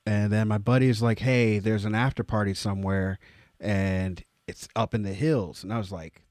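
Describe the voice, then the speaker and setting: A young man co-hosting a podcast, telling casual stories with lots of swearing and sudden high, exclaimed quotes. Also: normal speed, a little mellow, no echo, studio quality. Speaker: podcast co-host. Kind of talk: casual storytelling.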